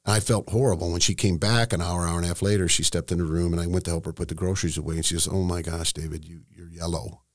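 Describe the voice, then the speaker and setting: A middle-aged man tells a personal story candidly and emotionally, with halting restarts. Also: low-pitched, steady tone, dry recording, clean studio sound. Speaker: estate planning seminar host, guest.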